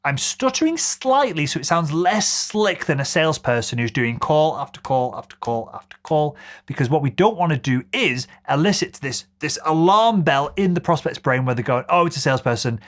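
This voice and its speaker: Upbeat man, sales coach explaining cold calls, animated delivery. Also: medium pitch. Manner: energetic, acts out cold-call lines with a bright upward lilt. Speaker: sales trainer. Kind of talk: scripted sales lesson to camera.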